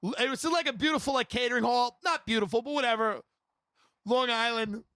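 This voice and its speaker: High-voiced man telling rambling funny stories. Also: a little fast, no room sound. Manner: animated, rambling, laughs between lines. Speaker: podcast host. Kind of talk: comedic storytelling.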